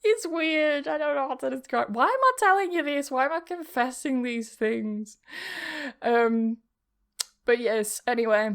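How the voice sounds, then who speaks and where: A woman's voice: high-pitched, lively intonation, measured pace, a bit bright, clear, resonant tone. A young woman hosting a podcast, telling personal stories in a rambling, casual, confessional way, laughing often. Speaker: podcast host. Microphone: camera recording.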